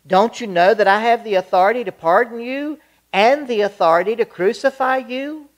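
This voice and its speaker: A church reader voicing the Roman governor in a scripture reading, declaiming his lines loudly. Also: medium pitch, moderate pace, voice pushed up, lightly acted. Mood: proclaiming. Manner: declaiming, rising to loud proclamations. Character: Roman governor Pilate, stern and uneasy.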